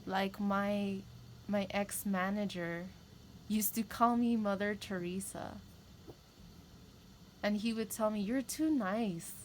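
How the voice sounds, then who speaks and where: A woman's voice: medium pitch, flat delivery, slow, long pauses, a little hiss or hum, rough recording. Candid rambling woman tarot reader. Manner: candid, rambling, with emphatic repetition. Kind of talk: casual spiritual talk to camera.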